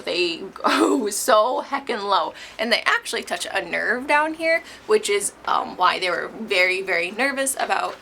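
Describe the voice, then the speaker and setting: A young woman chats casually into her camera from a hospital room, still recovering from oral surgery. Her voice has a gravelly, fried edge, and she giggles a lot between thoughts. The recording is noisy, with plenty of hiss behind her. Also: medium pitch, pushed and bright. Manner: chatty, giggly, laughs often. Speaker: vlogger. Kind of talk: casual chat.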